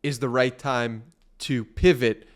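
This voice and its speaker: A man's voice: medium pitch, steady tone, slow. A man hosting a podcast interview, earnest, stacking several questions together. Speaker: podcast host.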